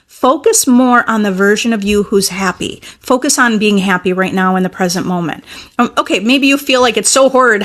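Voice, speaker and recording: A young adult woman coach talking casually and encouragingly, often checking in with "okay?". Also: medium pitch. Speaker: manifesting coach. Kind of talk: casual teaching talk.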